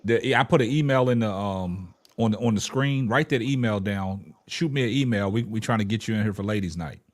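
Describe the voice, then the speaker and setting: A man's voice: on the low side, brisk. A man hosting a casual sports talk show, upbeat and repeating his catchphrases. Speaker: podcast host.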